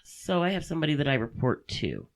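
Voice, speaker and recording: A woman's voice: low voice, huge pitch swings, quick pace. Blunt, laughing woman co-host. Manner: blunt, laughs often, swears. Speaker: podcast co-host. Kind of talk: casual podcast chat.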